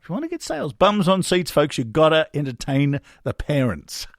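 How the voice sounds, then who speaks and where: A man's voice: on the high side, sing-song, fairly quick, no room sound, studio quality. An Australian man narrating a podcast in a casual, chatty, self-deprecating way, a former drama teacher. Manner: chatty, self-deprecating, drops into silly character voices.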